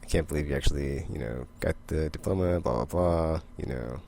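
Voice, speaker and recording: A man's voice: rumbling low, brisk, vocal fry, mellow, a little hiss or hum. A man casually recapping comic books, rambling and full of "like". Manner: rambling, heavy use of "like". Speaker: comic book vlogger.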